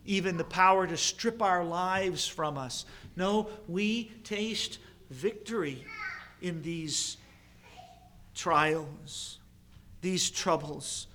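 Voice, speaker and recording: A man preaching a sermon in a measured, emphatic way, pausing and repeating key phrases. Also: sits high, sharp tone. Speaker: pastor.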